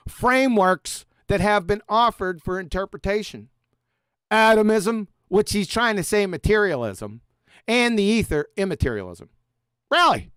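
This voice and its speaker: A man ranting sarcastically at a critic, swearing heavily and swinging between loud jabs and low mutters. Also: animated, unhurried, long pauses, clear, resonant tone, no echo, clean studio sound. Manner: sarcastic, insulting, heavy swearing. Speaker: YouTube debunker. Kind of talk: profane mocking rant reacting to a critic.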